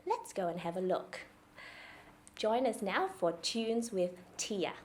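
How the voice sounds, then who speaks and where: A woman speech therapist calmly explaining to parents how to practise a speech sound and reading a picture book aloud. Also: medium pitch, slow, slight background noise. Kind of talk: instructional talk for parents.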